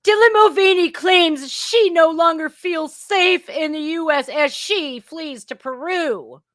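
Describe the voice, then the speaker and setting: A woman hosting a casual news commentary podcast, blunt, crude and sarcastic, swinging between loud outbursts and muttering. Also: extremely high pitch, slow pace. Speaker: podcast host.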